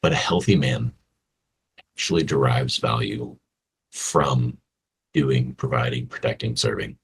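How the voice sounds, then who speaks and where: A man's voice: extremely low pitch, a little slow, gravelly, noisy background. A man co-hosting a podcast, talking earnestly and directly to listeners in a heartfelt conversation. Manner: earnest, speaks straight to listeners. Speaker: podcast co-host.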